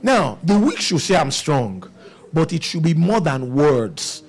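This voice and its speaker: Husky animated preacher man. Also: fairly high pitch, unhurried. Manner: animated preaching with rhetorical questions to the congregation. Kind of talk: sermon.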